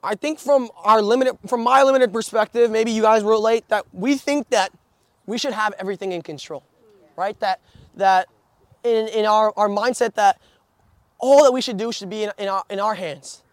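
A man's voice: high voice, moderate pace, no echo. A young man preaching a sermon, telling stories with many restarts and fillers. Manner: storytelling with frequent restarts and filler.

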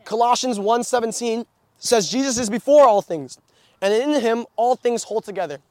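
High-voiced young man preaching. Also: normal speed, dark tone, no echo. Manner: storytelling with frequent restarts and filler. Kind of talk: sermon.

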